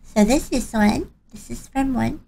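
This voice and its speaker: A woman's voice: fairly high pitch, a little slow, gravelly, mellow, husky. A woman with an Australian accent chatting casually on her live stream, with hesitant fillers. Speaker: VTuber streamer.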